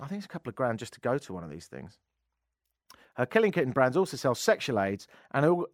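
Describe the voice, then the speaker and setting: Animated, sarcastic male radio host. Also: mid-range voice, no room sound, studio quality. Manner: sarcastic, jokey asides. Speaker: radio talk show host. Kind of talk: radio talk show, reading and riffing on odd news. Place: radio studio. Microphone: studio microphone.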